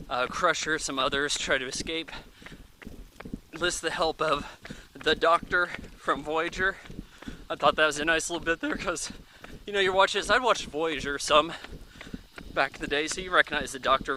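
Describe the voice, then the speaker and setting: Very bright-voiced, chatty man reviewing a movie. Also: on the high side, moderate pace, slight background noise. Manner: offhand and chatty, thinking aloud with many fillers. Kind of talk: casual rambling movie review.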